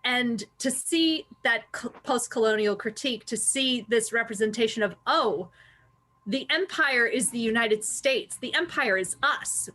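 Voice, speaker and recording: A woman's voice: on the high side, bright, forceful tone. A woman co-hosting a casual review podcast, talking with enthusiasm and analysis and laughing often. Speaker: podcast co-host.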